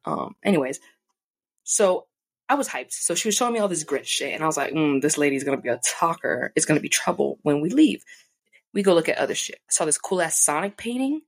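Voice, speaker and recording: A young woman vlogger casually telling a profane, animated story, acting out the people she quotes. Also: low voice, fairly quick. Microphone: desk mic.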